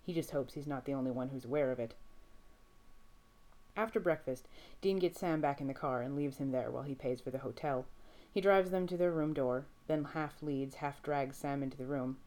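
A woman narrating a story aloud in a steady, measured reading voice. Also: rumbling low. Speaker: reader. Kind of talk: audiobook fiction reading.

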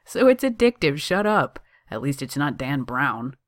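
A reader voicing an excitable young man who works as a barista, eager and teasing as he talks. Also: medium pitch, moderate pace, no echo, studio quality, lightly acted. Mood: playful. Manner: eager and teasing, laughing easily.

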